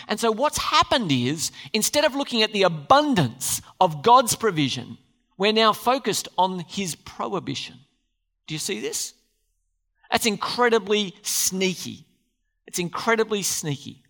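A man preaching a sermon in a church, with a bright, ringing tone. His pitch swings widely as he throws questions at the congregation and answers them himself. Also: moderate pace. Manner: animated, asks the congregation questions. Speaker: pastor.

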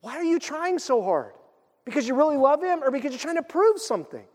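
A male pastor preaching a sermon, telling stories with lively acted-out quotes. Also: very high voice, quick pace. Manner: animated storytelling, acts out quoted voices. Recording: long hall reverb.

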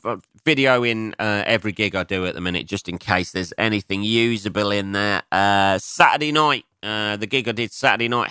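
A young adult man doing a casual solo podcast monologue as a comedian, swearing a lot, mocking himself and answering his own asides in a higher voice. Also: sharp tone, clear, resonant tone, dry recording, clean studio sound.

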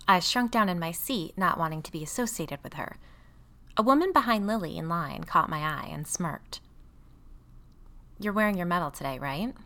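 Expressive woman narrating an audiobook. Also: fairly low pitch, normal speed. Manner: wry, expressive, casually profane. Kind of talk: first-person storybook narration.

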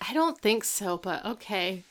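A woman's voice: mid-range voice, animated, measured pace, a bit bright. A woman co-hosting a podcast, recapping a TV episode in casual, wry chat full of asides. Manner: chatty, wry, lots of "like" asides. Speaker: podcast co-host.

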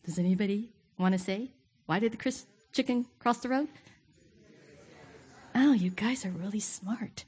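A woman's voice: mid-range voice, normal speed, long pauses, darkish tone, husky. A woman giving a sermon to her church, candid and self-deprecating, often laughing. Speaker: guest preacher. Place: church sanctuary.

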